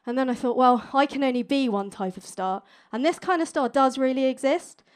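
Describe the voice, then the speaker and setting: A young woman with a high voice works a live crowd in a stand-up set. She is cheeky and playful, quick to land a joke. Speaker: stand-up science comedian. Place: stage before a live audience.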